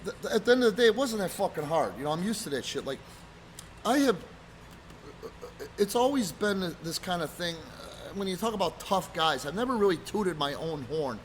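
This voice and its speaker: A man casually telling rough road stories from his wrestling days, swearing freely and loudly acting out what people said. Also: high-pitched, normal speed, slight background noise. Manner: profane, animated, acts out quotes loudly. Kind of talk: casual storytelling chat.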